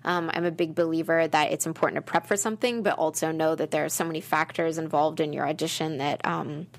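Creaky-voiced actress, chatty and animated. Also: female voice, low voice, fast. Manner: chatty, animated, many fillers and restarts. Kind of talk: casual interview chat.

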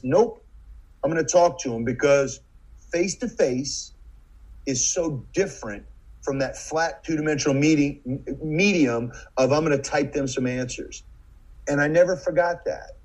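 A man's voice: fairly high pitch, darkish tone, poor audio. A middle-aged man from the United States, a podcast guest telling a vivid anecdote and acting out the quoted lines. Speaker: podcast guest, former FBI agent. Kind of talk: storytelling in conversation.

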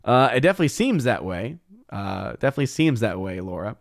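A man's voice: mid-range voice, very animated, fast, vocal fry, dry recording, studio quality. A man hosting a casual livestream, reading viewer comments aloud and answering them with amused, chatty asides. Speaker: livestream host reading chat.

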